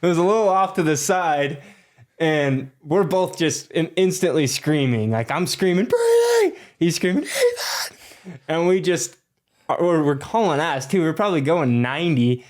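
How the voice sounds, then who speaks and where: Young man telling a wild story casually. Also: fairly high pitch. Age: 20s. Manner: animated, swearing, filler-heavy storytelling. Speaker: podcast guest.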